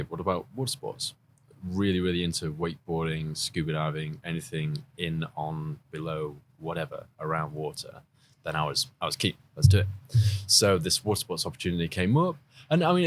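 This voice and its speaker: Casting: English man, low voice, casual rambling interview guest, faint room noise. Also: a bit bright. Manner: chatty, rambling storyteller with restarts. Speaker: podcast guest, video journalist.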